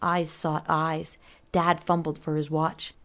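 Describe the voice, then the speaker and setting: Woman, audiobook narrator, steady, measured, slightly low pitch.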